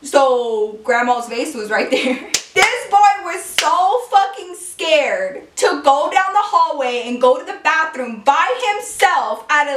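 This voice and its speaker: High-voiced woman telling a profane story. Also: a bit bright, far from the mic. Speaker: YouTube storyteller. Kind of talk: casual storytime vlog. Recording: echoey room, off the mic.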